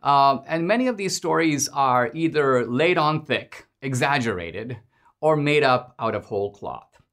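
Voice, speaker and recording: A man's voice: mid-range voice, lively intonation, unhurried, fairly bright tone. A man hosting a podcast, giving an emphatic, mocking political commentary monologue. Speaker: podcast host.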